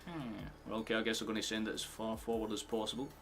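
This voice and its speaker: A young Scottish man with a fairly low pitch talks at a quick pace over soft background music, streaming live reactions to a football game. Chatty with viewers and quick to swear, he gets excitable and bellows at goals.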